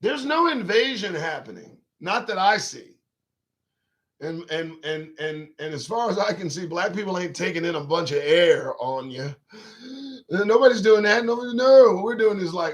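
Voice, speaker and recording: A man's voice: high voice, expressive, normal speed. A man hosting his own talk show, riffing in a casual live-stream monologue to viewers' chat, profane, rambling and emphatic.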